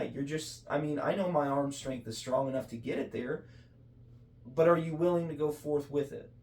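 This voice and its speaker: A man's voice: medium pitch, darkish tone, far from the mic. Earnest man talking faith in an echoey room. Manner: earnest, preachy, full of self-corrections. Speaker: podcast co-host. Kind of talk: casual faith talk.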